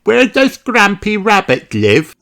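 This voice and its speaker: A storybook reader voicing a cheerful, excitable little girl piglet. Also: medium pitch, takes it slowly, creaky, pitched above the performer's own voice, heavily acted. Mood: chirpy. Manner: bright, chirpy and excitable.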